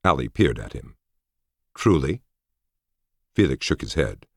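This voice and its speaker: A man reading a fantasy audiobook in a steady storytelling manner. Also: very deep voice, fairly quick, no echo, clean studio sound. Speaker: narrator. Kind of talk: audiobook narration.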